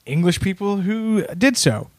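A man's voice: high-pitched, expressive, unhurried, darkish tone, dry recording. A man hosting a casual comedic podcast, telling a story and laughing often. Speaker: podcast host.

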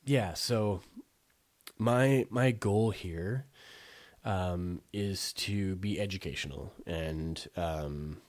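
A man hosting a casual solo podcast, talking with a nasal, stuffed-up voice from a head cold. He rambles and restarts with many fillers, coughs and clears his throat. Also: sits low, very slow, a little mellow, no echo. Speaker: yoga podcast host.

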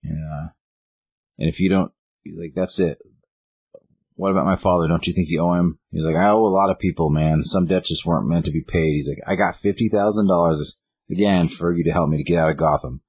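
A man's voice: low voice, fairly even intonation, fairly quick, darkish tone, breathy edge. A man co-hosting a casual podcast, rambling through a comic's plot and acting out the quotes. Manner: rambling, acts out quotes with "he's like". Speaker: podcast co-host. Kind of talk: casual chat retelling a comic.

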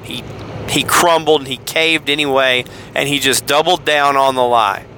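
A man's voice: medium pitch, fairly even intonation, normal speed, background noise. A man with a Southern US accent hosting a podcast, casually retelling Bible passages and acting out the quoted lines in voices. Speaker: podcast host.

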